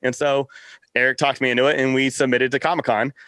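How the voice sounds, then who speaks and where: Animated man telling stories, dry sound. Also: mid-range voice, fast talker, no echo. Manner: animated storyteller, acts out quotes, laughs often. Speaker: podcast network founder, guest. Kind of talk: casual interview chat.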